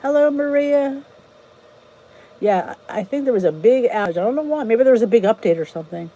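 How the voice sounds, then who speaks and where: A channel host with a fairly high, mellow, animated voice chats briskly on a casual livestream, greeting viewers by name and responding to their comments. She rambles and restarts often, and the recording quality is low.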